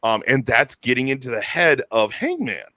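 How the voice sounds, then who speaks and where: A man hosting a casual chat, talking in an enthusiastic, animated way with quick restarts. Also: medium pitch, dry recording. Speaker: podcast host.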